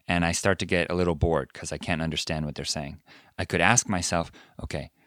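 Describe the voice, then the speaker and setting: A man's voice: deep voice, steady tone, fast, fairly bright tone, dry recording, studio quality. A man co-hosting a podcast, explaining ideas through everyday examples and laughing easily. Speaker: podcast co-host. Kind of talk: casual podcast conversation.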